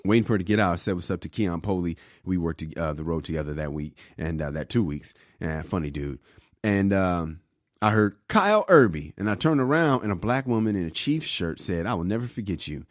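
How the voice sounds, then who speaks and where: A man co-hosting a podcast, telling stories in a casual, animated way and acting out the voices of the people in them. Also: low-pitched, fairly quick, no room sound, clean studio sound. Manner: animated storyteller, acts out voices. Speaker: podcast co-host and comedian. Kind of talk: casual storytelling chat.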